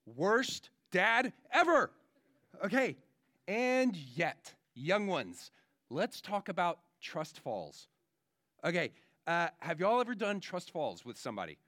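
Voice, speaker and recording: A man preaching a children's sermon as pastor, telling stories in a lively, chatty way with many fillers. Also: on the high side, a little slow, no echo, studio quality. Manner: animated storytelling, many fillers.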